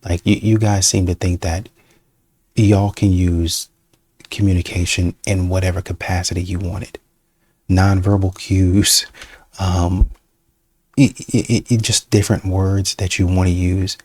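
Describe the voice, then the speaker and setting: A man's voice: sits low, flat delivery, measured pace, a little mellow, dry recording. A man hosting a reaction video, talking in a casual, conversational way and sometimes putting on voices to quote people. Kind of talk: casual commentary.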